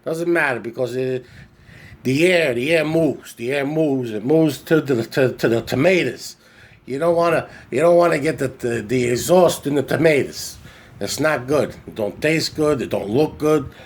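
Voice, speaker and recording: A man's voice: mid-range voice, moderate pace, voice pushed up, close to an everyday voice. A man voicing his fussy, insistent older Italian-American uncle, who keeps repeating himself about his backyard tomatoes.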